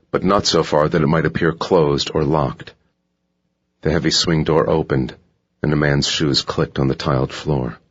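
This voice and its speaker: A man narrating a thriller audiobook in a steady, measured reading. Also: a bass voice, breathy edge. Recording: dull lo-fi audiobook recording.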